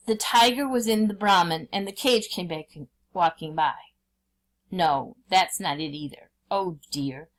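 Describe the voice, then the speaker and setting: A woman reading a story aloud, voicing a sly male jackal who acts confused and fussy. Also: medium pitch. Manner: dithering, exaggeratedly puzzled.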